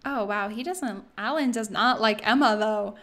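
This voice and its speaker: A young woman casually commenting on a life-sim game as she plays, chatty and excitable, often laughing and squealing. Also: on the high side, moderate pace, a little hiss or hum. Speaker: let's play host.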